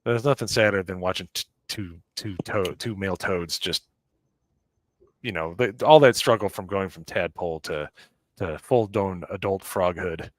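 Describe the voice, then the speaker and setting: Deep-voiced joking man, dry close sound. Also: normal speed, dry recording. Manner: joking, sarcastic, mock-ranting. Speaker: podcast host. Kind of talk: casual political chat.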